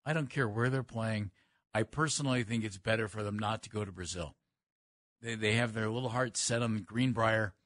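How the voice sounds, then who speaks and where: Opinionated radio co-host. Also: male voice, fairly low pitch, a little fast, fairly bright tone, no echo, studio quality. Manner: opinionated, emphatic. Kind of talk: casual sports radio talk. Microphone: studio microphone.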